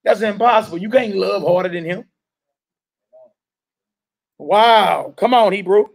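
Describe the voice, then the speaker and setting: A man with a high, gravelly voice preaches at a measured pace to a gathered room. His street-style sermon uses call and response, and he emphatically urges and questions the listeners directly.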